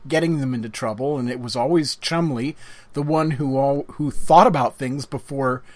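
A man co-hosting a casual podcast chat with an author, playful and quick to laugh. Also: mid-range voice, dry recording. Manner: lively, laughs easily, playful self-mocking. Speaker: podcast co-host interviewing an author.

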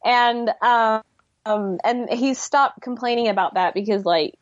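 A woman's voice: fairly high pitch, a little slow, no echo, lo-fi sound. A woman in her forties, an author guest chatting and laughing as she acts out lines from her sons. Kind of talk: casual podcast chat.

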